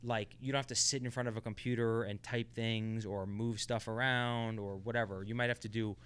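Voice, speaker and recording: A man's voice: mid-range voice, steady tone, brisk, fairly bright tone, clean tone. A man co-hosting a casual podcast, reflecting and explaining ideas at length. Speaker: podcast co-host. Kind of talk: casual conversation.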